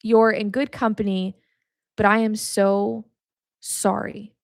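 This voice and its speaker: Gravelly, outspoken woman podcast host. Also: medium pitch, level tone, slow, dry recording, studio quality. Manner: candid, swears freely, speaks with emotion; talks straight to the listener, calls them honey. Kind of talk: casual faith teaching.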